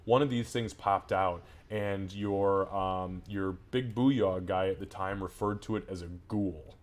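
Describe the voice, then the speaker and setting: A man's voice: sits low, fairly even intonation, a little slow. A man running a tabletop game as game master, narrating combat in a casual, profane way. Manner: casual, swears freely, loose descriptive narration.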